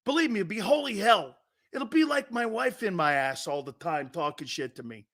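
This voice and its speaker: A middle-aged man hosts a sports talk stream, reading viewer comments aloud with brash, joking, profane banter. His voice sits high and swings widely in pitch, bright and forceful, at a moderate pace.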